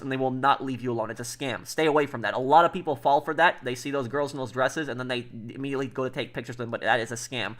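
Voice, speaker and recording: Fast-talking rambling male streamer. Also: mid-range voice, a bit bright. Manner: rambling, many fillers and restarts. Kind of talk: casual livestream chat.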